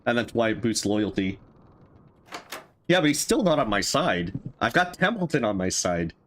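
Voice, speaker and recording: Brief: male streamer, casual gameplay talk, lively varied pitch, mulling decisions aloud. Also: normal speed, a little hiss or hum. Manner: thinking aloud, musing over choices. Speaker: streamer playing a game.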